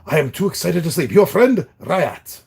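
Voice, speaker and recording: A man's voice: on the high side, very animated, normal speed, creaky, a little mellow, husky, heavily acted. A man voicing an old male friend who reads out a formal letter in a put-on foreign accent. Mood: earnest.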